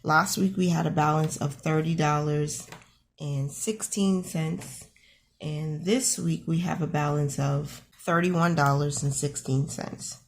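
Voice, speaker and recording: A woman with a rough morning voice walks through her family's weekly card expenses, friendly and encouraging as she talks the numbers through aloud. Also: deep voice. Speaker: budgeting channel host. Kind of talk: casual screen-share budget walkthrough.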